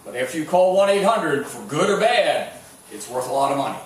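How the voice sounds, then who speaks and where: A man's voice: a little high, animated, brisk. A man, the pastor, preaching a sermon in a church and telling stories with a conversational, stop-and-start delivery. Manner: storytelling with sports anecdotes, many restarts. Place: church sanctuary. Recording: echoey church hall, mic at a distance.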